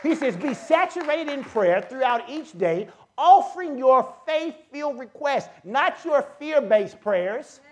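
A man preaching at a church service, leading the congregation in call-and-response and building from calm teaching to shouted fervor. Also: very high voice, unhurried, few pauses. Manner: leads the congregation in repeat-after-me lines.

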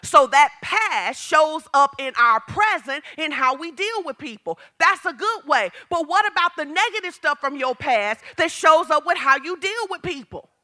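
A woman's voice: moderate pace, few pauses. A woman pastor preaching a sermon, telling stories and acting out quotes with big jumps in her voice. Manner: animated storytelling, acts out quotes with big pitch jumps.

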